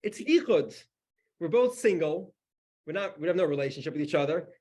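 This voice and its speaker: A man doing a shouting, rule-bound young man. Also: fairly high pitch, animated, brisk, lo-fi sound, voice pushed up. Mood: indignant. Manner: loud, insistent shouting. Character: rigid young man yelling rules.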